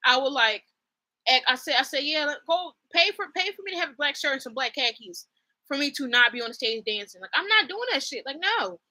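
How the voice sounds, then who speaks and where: Bright, high-voiced young woman vlogger. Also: a little fast. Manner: animated, laughing, slangy, does mock accents. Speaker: host. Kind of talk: casual commentary vlog.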